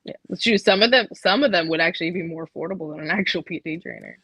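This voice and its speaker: A woman with a slightly husky voice joins a podcast conversation. She drops in short, teasing one-liners between the men's stories. The sound is dry and close. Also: on the low side, fast, a bit bright, no echo, rough recording. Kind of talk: casual chat.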